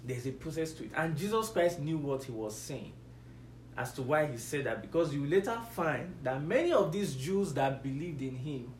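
A man's voice: fairly high pitch, expressive, moderate pace. Male preacher, conversational Bible teaching, punches key words, roomy echo with faint background hiss. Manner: builds to emphatic, rising stresses on key words; asks the listeners questions, waits for replies.

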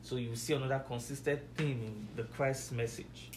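A man's voice: mid-range voice, fairly even intonation, normal speed, reverberant, crowd noise. A man teaching from the Bible in a conversational sermon style, asking his listeners questions and leaning hard on key words. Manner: builds to emphatic, rising stresses on key words; asks the listeners questions, waits for replies. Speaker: preacher.

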